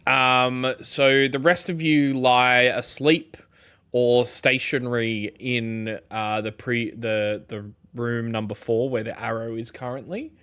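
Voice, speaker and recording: A man with an Australian accent narrating as game master, slow and full of fillers. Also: medium pitch, fairly even intonation, a bit bright, clear, resonant tone. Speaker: dungeon master.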